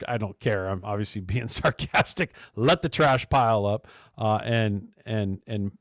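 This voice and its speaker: A man's voice: mid-range voice, no room sound, clean studio sound. A man hosting a casual labor radio show, talking loosely with lots of fillers, restarts and sarcastic asides. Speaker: talk show host.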